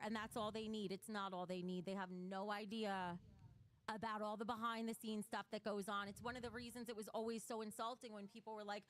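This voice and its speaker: A livestream host talks a little fast in a mid-range, fairly bright voice with a steady tone. She speaks to her chat in a blunt, emotional and heavily profane way while reading out their donations.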